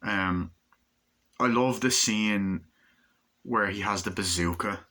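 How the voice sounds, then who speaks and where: Young male reviewer, casual, enthusiastic and profane, crisp forward tone. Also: lowish voice, slow, bright, forceful tone. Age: 20s. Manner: rambling, enthusiastic, swears freely, many fillers. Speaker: movie reviewer.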